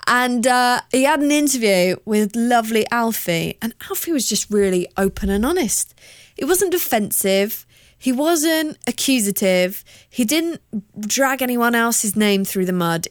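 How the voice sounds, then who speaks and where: A woman's voice: fairly high pitch, animated, measured pace, dry recording, studio quality. A young woman from southern England with a slightly posh southern accent, chatting candidly and swearing freely on her solo podcast. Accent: southern English, slightly posh. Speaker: podcast host. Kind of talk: casual solo podcast chat.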